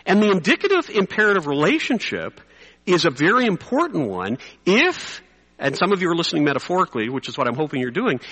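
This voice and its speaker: A man preaching a sermon to clergy, conversational and animated, sometimes dropping to a quiet, intense hush. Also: on the high side, breathy edge, long reverb tail, low-quality recording.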